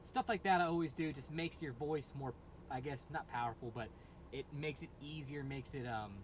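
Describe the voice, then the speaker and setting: A man's voice: medium pitch, normal speed, background noise. A man, a metal band singer, explaining his screaming technique in a loose, rambling way full of fillers and restarts. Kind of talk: casual vocal tutorial.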